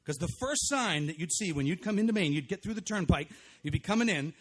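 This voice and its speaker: Man, festival emcee, quick delivery, fairly high voice, handheld mic, joking with audience. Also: slightly rough. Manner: energetic, joking with the crowd. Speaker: master of ceremonies. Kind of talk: live stage hosting. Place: outdoor festival stage.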